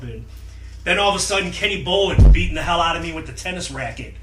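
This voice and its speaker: Man, animated storyteller, slightly high voice, echoey room, off-mic, noisy. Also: quick pace. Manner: animated, acts out quotes in shouted voices. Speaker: podcast guest. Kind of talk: casual storytelling. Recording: roomy, distant mic with clear noise.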